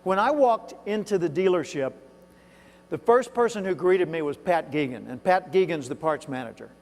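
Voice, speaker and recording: A man's voice: a little high, lively intonation, normal speed, darkish tone. Folksy man with a mild Southern accent, keynote. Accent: Southern US, toned down. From Arkansas. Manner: folksy storytelling, conversational asides to the audience. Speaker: keynote speaker. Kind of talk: conference keynote speech. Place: large hall. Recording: reverberant hall, live event.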